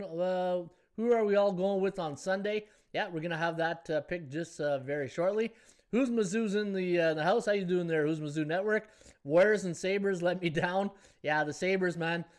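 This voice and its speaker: Chatty sports-betting host. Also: male voice, sits high, normal speed. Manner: rambling, chatty, laughs easily, reads out viewer comments. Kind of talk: casual live-stream chat.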